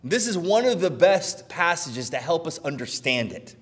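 A middle-aged man preaching a sermon as pastor, conversational and animated, often checking in with "right?". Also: fairly high pitch, normal speed, in a large hall.

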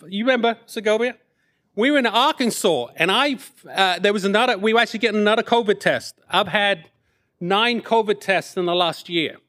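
A man in his fifties from England gives a sermon-style testimony of his missionary years. His voice sits high for a man. He tells it in a self-deprecating, rambling way, full of asides. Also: a bit bright. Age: 50s. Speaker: missionary speaker.

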